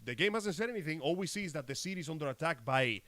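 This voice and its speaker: A man co-hosting a casual live stream chat, excitable and joking, often laughing and shouting. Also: on the high side, fast talker, dry recording. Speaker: co-host.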